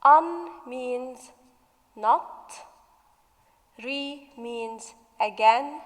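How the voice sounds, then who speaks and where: A woman English teacher going through a revision worksheet, stretching out example words slowly as she explains. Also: sits high, a little mellow, long reverb tail, poor audio.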